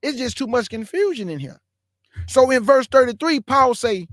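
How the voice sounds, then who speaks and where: Man, very high voice, dry close sound, emphatic preaching, rhetorical questions. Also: lively intonation, fairly bright tone, dry recording. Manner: reads scripture aloud slowly and deliberately. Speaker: online Bible teacher. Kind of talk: preaching Bible commentary.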